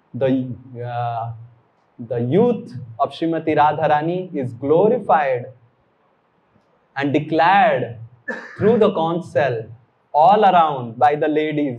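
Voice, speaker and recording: Male spiritual teacher, slow careful talk, a bit higher voice, sanskrit terms. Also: a little mellow, lo-fi sound. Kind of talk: devotional sermon.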